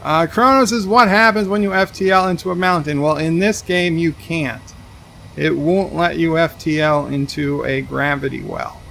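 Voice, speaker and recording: During a casual game livestream, this man reads out viewers' chat and responds with dry remarks. He speaks a little high with fairly even intonation and vocal fry, at a moderate pace and a fairly bright tone, over slight background noise.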